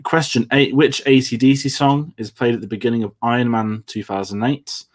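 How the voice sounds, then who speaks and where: A man's voice: mid-range voice, fairly even intonation, a little fast. Chatty man hosting a quiz. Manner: chatty, self-deprecating. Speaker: quiz co-host. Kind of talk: casual quiz chat. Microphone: headphones on.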